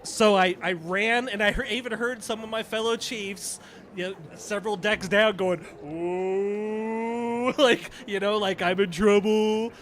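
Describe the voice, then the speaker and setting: A man's voice: high-pitched, steady tone, normal speed, fairly bright tone. A middle-aged man, a retired Navy chief, casually telling a story on a podcast and acting out the dialogue.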